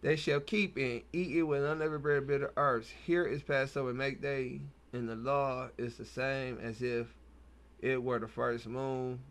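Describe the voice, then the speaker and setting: A man's voice: mid-range voice, steady tone, measured pace. A man, hosting a casual Bible study, reading verses aloud and then riffing on them in loose, slangy talk. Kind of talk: casual scripture reading and commentary.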